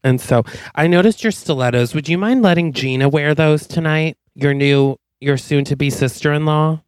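A man's voice: a little high, normal speed, clear, resonant tone, dry recording, close to an everyday voice. A man improvising a pushy, passive-aggressive middle-aged mother who lectures her daughter. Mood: nagging. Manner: preachy, guilt-tripping.

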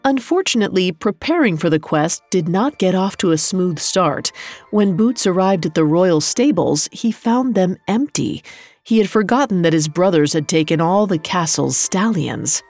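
A woman telling a folktale in a measured, scripted storytelling delivery. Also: fairly low pitch, lively intonation, darkish tone, dry recording, soft background music. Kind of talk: scripted narration.

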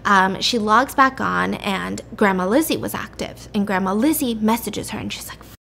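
A woman's voice: mid-range voice, normal speed, vocal fry, slight background noise. A woman host retelling a story in a chatty, casual way, full of "like" and asides. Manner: chatty, lots of "like", animated retelling. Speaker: podcast host.

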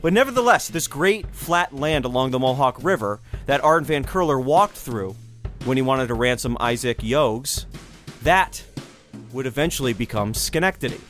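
A man's voice: medium pitch, lively intonation, normal speed, fairly bright tone, soft background music. A man hosting a history show, telling the story in a loose, conversational way with speculative asides. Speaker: history podcast host. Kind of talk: casual history lecture.

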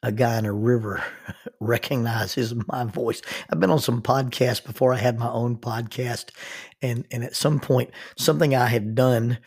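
A man hosting his own podcast, telling stories and reflecting in a slow, soft-spoken, intimate way that sometimes drops almost to a whisper. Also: medium pitch, steady tone. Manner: quiet, intimate delivery, dropping to near whisper. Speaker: podcast host. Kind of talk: reflective devotional podcast talk.

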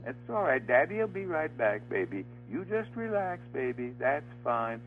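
A man's voice: medium pitch, sing-song, a little slow, voice pushed up. A hulking former football player, put on by an older man telling the story, coos soothing baby talk in a voice lifted well above the teller's own. The sound is thin and phone-like, with faint music somewhere behind. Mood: cooing. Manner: soft cooing baby talk. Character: burly ex-footballer cooing baby talk to a chimp.

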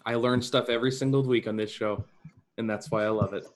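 A man's voice: mid-range voice, steady tone, brisk, rough recording. A man hosting a casual fantasy football podcast chat, joking and tossing questions to the others.

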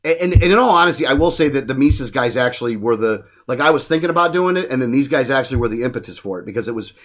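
A man's voice: mid-range voice, rapid-fire. A man hosting a casual political podcast, talking bluntly and swearing freely as he rants. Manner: blunt, profane, animated ranting. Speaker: podcast host.

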